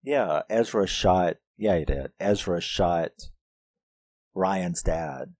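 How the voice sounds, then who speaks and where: Low-voiced guy rambling about a slasher flick, takes his time, swears a lot, dry room. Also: lively intonation, takes it slowly, a little mellow, no echo. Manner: profane, laughs often, quotes characters in put-on voices. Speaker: horror film reviewer. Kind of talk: casual film review monologue.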